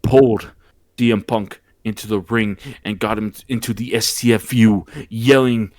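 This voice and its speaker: A man's voice: fairly low pitch, moderate pace, no room sound. A man hosting a casual podcast, telling a story with lots of energy, stumbling and repeating words as he goes. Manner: animated, mimics wrestlers in exaggerated voices, stumbles and repeats words. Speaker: podcast host. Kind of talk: casual podcast chat recapping wrestling.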